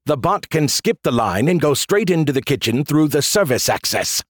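Guy doing a snooty sarcastic ai, kinda higher voice, talks down to everyone, dry close sound. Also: big pitch swings, moderate pace, dry recording. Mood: condescending. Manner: snarky, condescending, name-calling. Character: smug, sarcastic male AI in a beer can.

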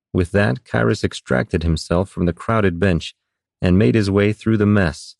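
A man narrating a fantasy audiobook with a very deep voice. His reading is steady and even, and the sound is dry and close, with no room echo. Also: unhurried, gravelly. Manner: steady, even storytelling delivery.

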